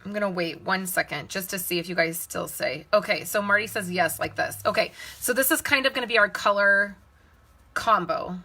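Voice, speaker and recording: Bright-voiced chatty woman crafting live. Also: mid-range voice, normal speed, gravelly. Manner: chatty, thinks aloud, addresses viewers; reads and answers viewer comments. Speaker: card-making demonstrator. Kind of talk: casual live crafting demo.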